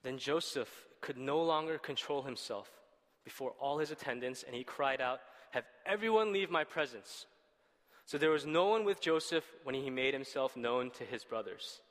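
A man's voice: mid-range voice, moderate pace, fairly bright tone. Male preacher, conversational and questioning, mid-range voice with long hall reverb. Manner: conversational, asks rhetorical questions, laughs at the story. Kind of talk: casual sermon retelling a Bible story.

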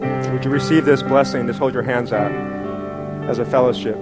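A man in his fifties preaching a heartfelt sermon, swinging between loud exhortation and soft, intimate asides. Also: mid-range voice, fairly even intonation, a little fast, loud music behind the voice. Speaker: pastor. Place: church hall. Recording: long reverb of a church hall.

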